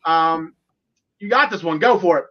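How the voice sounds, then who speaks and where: A man in his forties hosting a casual wrestling podcast, excitable and jokey, with lots of fillers. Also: on the high side, moderate pace. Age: 40s. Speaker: podcast host. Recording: lo-fi audio.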